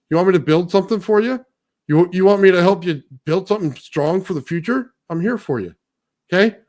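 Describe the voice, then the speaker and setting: A man on a casual talk show, ranting bluntly and profanely and ending nearly every point with "okay?". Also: sits high. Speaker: guest, builder. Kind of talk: heated rant in casual talk.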